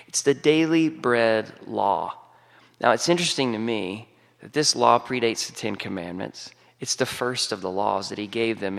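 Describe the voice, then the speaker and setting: A man's voice: mid-range voice, vocal fry, fairly bright tone. A man with a Southern US accent preaching a humorous sermon, telling the story in a folksy, joking way. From Southern United States. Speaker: pastor. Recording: long hall reverb.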